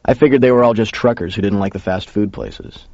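A man's voice: on the low side, brisk, darkish tone, dry recording. A man narrating a first-person story in a casual, conversational way. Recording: dull lo-fi recording.

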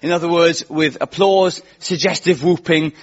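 A man hosting a stand-up comedy radio show before a studio audience, with a quick, wry delivery and frequent laughs. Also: a little high, fairly even intonation. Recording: lo-fi radio recording with loud audience and noise.

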